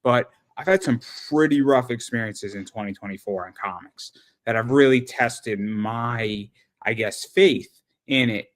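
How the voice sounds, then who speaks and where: A man's voice: mid-range voice, a little slow. Rambling man hosting an interview. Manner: rambling, repeats words when starting thoughts. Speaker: interviewer and show host. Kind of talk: casual conversational interview.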